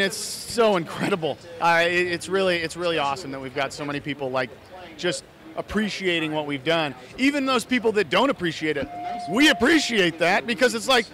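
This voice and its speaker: An American man from Idaho, an actor and fan filmmaker, speaks earnestly and at length in a casual interview with a high, pushed, bright voice. He frequently restarts his phrases.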